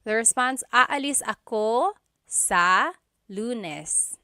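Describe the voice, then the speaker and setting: A woman teaches an online language lesson, taking her time and repeating each phrase slowly so learners can follow. Her voice is bright and clear, recorded close and dry, and she laughs lightly now and then between explanations. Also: a little high, expressive, dry recording.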